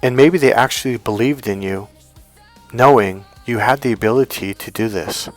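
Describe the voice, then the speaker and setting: A middle-aged man coaching on dating, telling a personal story. His pitch sits in an ordinary middle range, and he animates the tale by acting out what people said. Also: normal speed, soft background music. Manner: animated storyteller, acts out quotes. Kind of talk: storytelling vlog.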